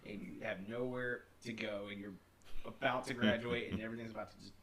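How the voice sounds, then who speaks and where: A man's voice: fairly low pitch, fairly even intonation, a little fast, over a noisy crowd. A young man co-hosting a casual podcast, telling a long story with many restarts and frequent laughter. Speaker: podcast co-host. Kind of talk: casual chat.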